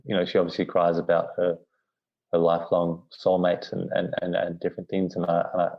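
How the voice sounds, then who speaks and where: Deep flat-voiced man, rambling. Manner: rambling, many "you know" fillers and restarts. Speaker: podcast guest. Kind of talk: reflective storytelling. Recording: dull lo-fi audio.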